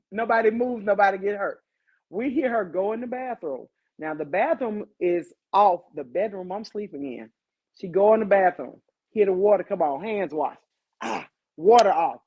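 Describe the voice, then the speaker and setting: A woman hosting a podcast, telling a story in a casual, animated way, swearing freely and talking straight to her listeners. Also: medium pitch, dull audio. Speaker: podcast host.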